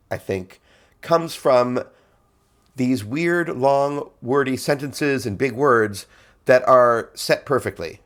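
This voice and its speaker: A male songwriter hosting a casual explainer, talking in a chatty way with frequent fillers and laughs. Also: mid-range voice. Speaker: songwriter host.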